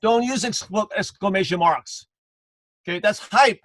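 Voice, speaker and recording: Male sales trainer, higher register, lively coaching delivery with acted-out examples, dry recording. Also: unhurried, no room sound, low-quality recording. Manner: animated, acts out quoted salespeople. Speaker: network marketing trainer. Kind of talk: coaching talk.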